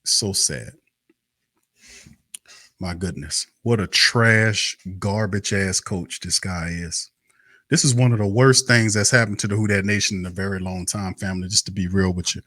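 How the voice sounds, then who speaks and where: A deep-voiced man hosts a sports talk livestream at a moderate pace, his tone a bit bright and the studio sound clean with no room echo. He rants about his team, angry and exasperated, swearing and repeating himself over and over.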